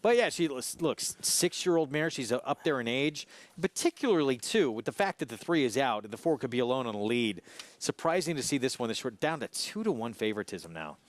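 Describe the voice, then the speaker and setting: Brisk male racing analyst, dry studio. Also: medium pitch, big pitch swings, no room sound. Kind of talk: horse racing broadcast analysis.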